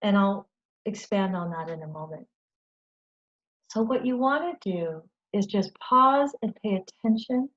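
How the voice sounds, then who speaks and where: A woman presenting a webinar for caregivers, talking in a gentle, reassuring way and often checking in with "okay?". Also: medium pitch, lo-fi sound. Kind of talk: educational webinar talk.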